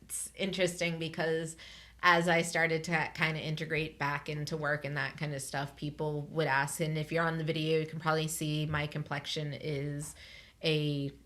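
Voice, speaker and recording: A woman with a bright yet low-pitched voice tells lively stories at a moderate pace as a podcast co-host in casual chat. She's an animated storyteller who acts out the voices she quotes.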